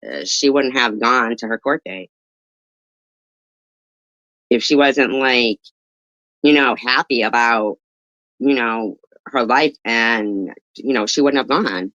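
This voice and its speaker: A woman's voice: a bass voice, slow, pauses often, fairly bright tone, no echo, muffled recording. A woman hosting a reaction commentary, making skeptical, dry remarks. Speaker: commentary channel host.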